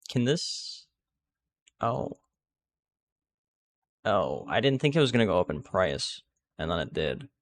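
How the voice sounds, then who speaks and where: A man's voice: deep voice, big pitch swings, slow pace, long pauses, dry recording, clean studio sound. A man giving casual gameplay commentary, rambling and restarting sentences with many fillers. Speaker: gaming video creator.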